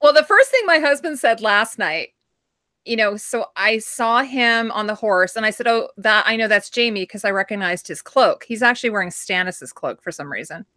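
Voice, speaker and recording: A woman's voice: medium pitch, expressive, normal speed, sharp tone, no echo, studio quality. A middle-aged woman hosting a casual live-stream chat, laughing often and reading out viewer comments. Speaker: host.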